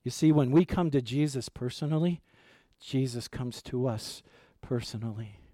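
A man preaching a sermon as pastor, animated, asking his listeners questions and dropping to a near hush for emphasis, with light humor. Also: mid-range voice, moderate pace, no echo. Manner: light humor with an occasional chuckle.

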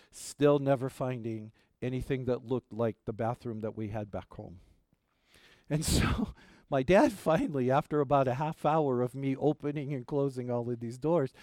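A man preaching a sermon, telling a childhood story in a lively way and checking in with the congregation as he goes. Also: medium pitch, dry recording, studio quality. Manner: animated storyteller, asks the congregation "okay?" and "right?". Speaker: pastor.

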